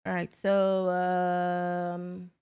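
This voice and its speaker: A woman's voice: on the low side, monotone, very slow, a little mellow, smooth. A woman streamer in casual chat, greeting viewers by name and talking loosely with them. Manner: chatty, talks to viewers by name. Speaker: livestreamer.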